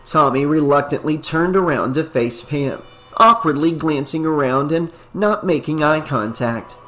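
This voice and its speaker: A man narrating a novel in a steady, even reading voice. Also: a little high, unhurried. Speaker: audiobook narrator. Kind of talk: scripted narration.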